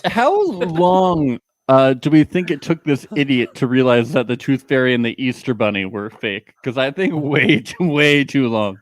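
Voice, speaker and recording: Animated sarcastic male podcast host. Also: medium pitch, moderate pace, hardly any pauses, no echo. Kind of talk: casual podcast chat.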